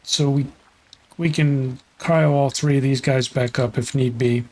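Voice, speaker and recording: A man's voice: medium pitch, steady tone, measured pace, a little mellow. A man streaming a survival game, chatting casually and thinking aloud while he plays. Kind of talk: casual gameplay commentary.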